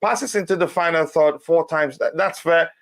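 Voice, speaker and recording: A man hosting a casual live football review, reading out player stats with many fillers and pauses. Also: on the high side, creaky. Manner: halting, reads stats aloud with many fillers. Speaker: host of a football review show.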